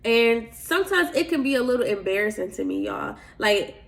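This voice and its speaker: A woman's voice: on the high side, lively intonation, moderate pace, gravelly. Earnest woman sharing faith testimony. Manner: earnest, confiding, addresses listeners as y'all. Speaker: podcast host.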